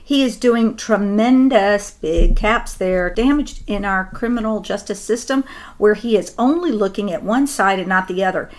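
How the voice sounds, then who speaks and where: A woman's voice: mid-range voice, moderate pace. A woman co-hosting a political commentary show, talking emphatically with conversational asides. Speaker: co-host.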